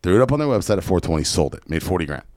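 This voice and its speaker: A man telling a story in a casual podcast chat, animated and swearing freely. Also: sits low, no echo, clean studio sound. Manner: fast, profane, animated storyteller. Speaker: podcast guest, real estate investor.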